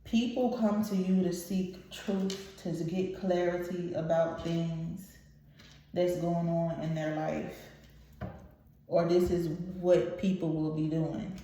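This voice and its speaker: A woman's voice: lowish voice, steady tone, slow, warm tone. A woman giving a casual tarot reading to her viewers, emotional and blunt, swearing freely. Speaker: tarot reader. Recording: very echoey room.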